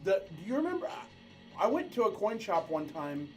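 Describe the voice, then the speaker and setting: A man with a slightly higher voice chats loosely on a livestream, wandering through stories and joking as he calls races. His talk is playful and rambling. Soft guitar music plays faintly underneath. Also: huge pitch swings, moderate pace. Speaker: livestream co-host. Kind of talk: casual livestream chat.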